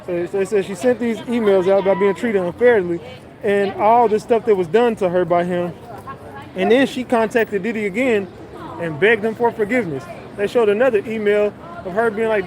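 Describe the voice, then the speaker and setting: High-voiced man ranting on a street. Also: a little fast, a crowd in the background. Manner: blunt, profane, mocking retelling. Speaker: commentary vlogger. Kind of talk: casual recap commentary.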